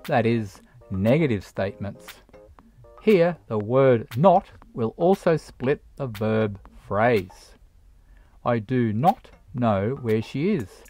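A narrator reads a grammar lesson for English learners, spelling out each example at an unhurried pace. The intonation rises and falls in an animated way. Soft music plays quietly underneath. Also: mid-range voice. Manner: slow, deliberate explaining with read-out examples. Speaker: English teacher.

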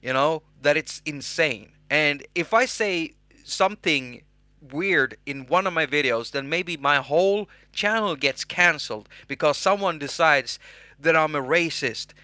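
Man, casual tutorial host, bright forceful voice, dry close sound, jokes at himself. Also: on the high side, animated, a little slow, dry recording. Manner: joking, self-mocking, chatty.

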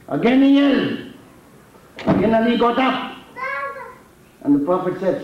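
A very high-pitched, very animated man with an Indian accent preaches a little slowly, pausing often, as he dramatically recounts a story and lifts his voice for the challenges. Recorded in a mosque hall, the audio is echoey and dull from a far-off mic.

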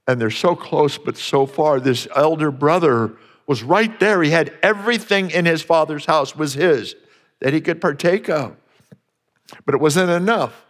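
Earnest preacher in an echoing sanctuary. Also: male voice, fairly high pitch, a little slow. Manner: earnest, repeats phrases for emphasis. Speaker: pastor. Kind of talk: sermon.

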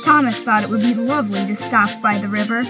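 A woman narrating a children's railway story in a gentle, measured reading voice. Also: medium pitch, rough recording. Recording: music bed behind the voice. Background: background music.

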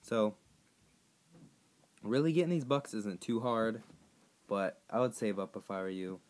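Man, hoarse, fairly low voice, casual gameplay chat, rambling, talks to viewers. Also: animated, a little slow, darkish tone. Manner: rambling, chatty, addressing viewers directly. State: hoarse, voice partly lost. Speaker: gaming YouTuber.

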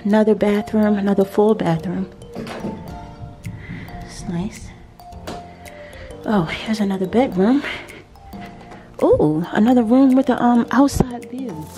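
Speaking slowly in a mid-range, dark-toned voice and pausing often, a woman vlogger leads a relaxed house tour of a large vacation home. She laughs frequently and thinks aloud, ending up on a deck, with music under her voice.

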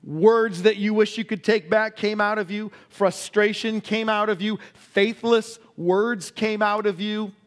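A male pastor preaching a sermon, asking the congregation questions and acting out quoted cries before dropping to a hush. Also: high-pitched, steady tone, a little slow, few pauses. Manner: acts out quoted cries loudly and drops to a hush.

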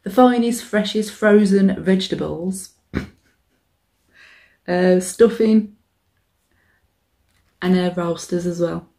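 A young woman, a mukbang vlogger, chats casually while eating on camera, swearing freely and poking fun at herself. Her voice is on the low side with a dark tone, and she speaks slowly with long pauses.

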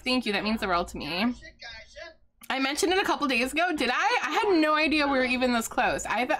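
A woman's voice: high voice, bright, forceful tone. A young adult woman streaming a game live, giggly and effusive as she thanks her chat.

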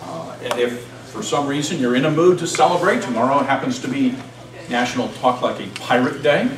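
A man's voice: mid-range voice, a little fast. A man who is a club president, making playful jokes as he introduces a seminar evening. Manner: playful, jokey. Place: meeting room at a college. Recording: echoey room, distant mic, noisy.

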